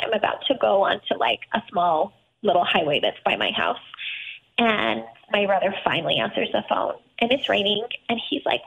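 Woman, high voice, gravelly fry, tearful storytelling, tinny phone-line sound. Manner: tearful, voice breaking at times. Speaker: guest. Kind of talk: emotional personal storytelling.

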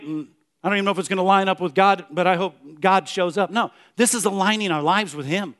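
A male pastor preaching a sermon in church, swinging from loud emphatic declarations to hushed, soft questions. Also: high-pitched.

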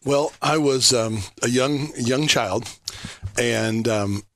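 A man's voice: medium pitch, slow pace, fairly bright tone. A man from Oklahoma, a ministry director, telling a personal story with many fillers. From Oklahoma, USA. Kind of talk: radio interview.

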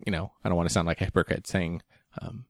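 A young man in casual conversation, speaking in a somewhat low register. He rambles easily with fillers and small laughs. The sound is close and dry with no room around it. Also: fast, dry recording. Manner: relaxed, chatty, with fillers and laughs. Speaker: podcast co-host. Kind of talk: casual chat.

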